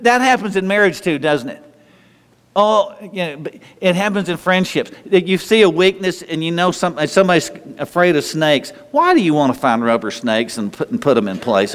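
A man's voice: fairly high pitch, lively intonation, normal speed. A pastor preaching a sermon in a conversational way, often restarting phrases and chuckling as he talks to the congregation. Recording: long hall reverb.

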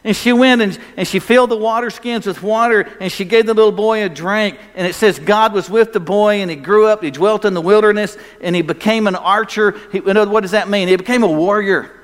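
A man's voice: high-pitched, brisk, few pauses. A male pastor preaching a sermon, emphatic and full of rhetorical questions for the congregation. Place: church sanctuary. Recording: long hall reverb.

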